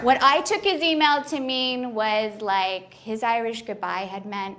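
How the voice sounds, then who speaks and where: Stand-up comedian, woman, slightly high voice, chatty self-deprecating storyteller with lots of "like". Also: slow pace, pauses often, very noisy. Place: comedy club stage.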